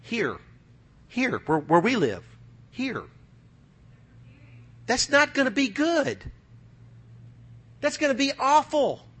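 A middle-aged man from the United States preaching a sermon, fervent, going from loud bursts to hushed asides. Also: very high-pitched, sing-song, slow pace, long pauses, breathy edge.

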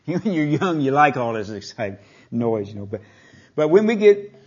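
An older male preacher delivers a sermon in a folksy, storytelling way. His voice swells to booming proclamations and falls back to hushed, near-whispered lines. The recording is dull and lo-fi. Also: sing-song, measured pace, husky. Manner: folksy, retells scripture in plain speech.

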